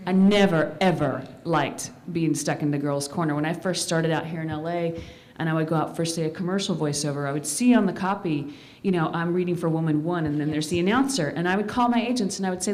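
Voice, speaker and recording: A woman on a voice actor panel, talking earnestly and quickly about her work. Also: deep voice, a little mellow. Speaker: voice actress panelist. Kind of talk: casual panel chat. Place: convention panel room.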